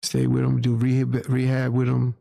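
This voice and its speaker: A man's voice: medium pitch, completely flat delivery, moderate pace, vocal fry, warm tone, dry recording, clean studio sound. A man from New York, a guest in an interview, telling a story in a candid, plain-spoken way and acting out what others said. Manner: candid, plain-spoken, acts out quoted voices. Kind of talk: casual storytelling.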